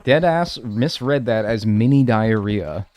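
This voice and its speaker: A man's voice: fairly low pitch, lively intonation, measured pace, a little mellow. A young man streaming a game live, talking to his viewers with playful mock outrage and a lot of swearing.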